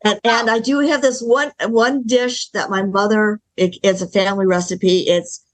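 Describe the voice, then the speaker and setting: A woman filmmaker answers questions in a casual interview. Her speech is thoughtful and halting. She often stops mid-word and starts over. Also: mid-range voice, steady tone. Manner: thoughtful, halting, with many restarts and ums. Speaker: filmmaker guest.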